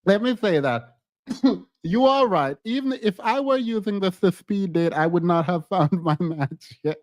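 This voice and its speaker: A man's voice: high-pitched, expressive, unhurried, no room sound. A man co-hosting a livestream, chatting casually and teasingly with viewers, laughing often and repeating phrases. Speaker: livestream co-host.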